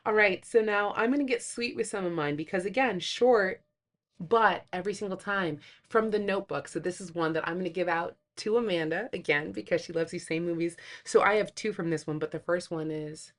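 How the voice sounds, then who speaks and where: Woman cohost chatting about movies, animated, jumps into acted quotes. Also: on the low side, brisk. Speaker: podcast co-host. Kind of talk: casual chat.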